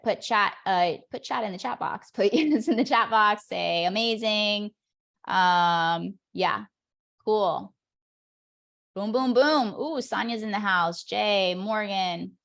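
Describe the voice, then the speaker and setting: A woman performance coach leading an online workshop over a video call, talking straight to her audience in an energetic, encouraging way. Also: medium pitch.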